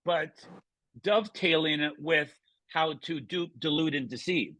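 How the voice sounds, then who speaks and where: A man with a husky, forceful, slightly high voice, talking in punchy showman patter. He speaks as a guest in a casual interview chat, and the sound is dry and close. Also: unhurried, no echo. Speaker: guest magician.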